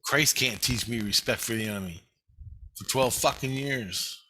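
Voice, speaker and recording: An angry man tears through a rambling, profanity-laced monologue. His voice is bright and forceful, and his pitch sits in an ordinary middle range. He swears at nearly every turn. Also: moderate pace. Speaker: vlogger.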